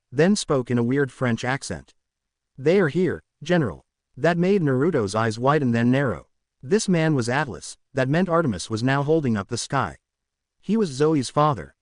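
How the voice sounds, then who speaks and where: A man reading a fan fiction story aloud as narrator in an expressive storytelling manner. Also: mid-range voice, moderate pace, no room sound, clean studio sound.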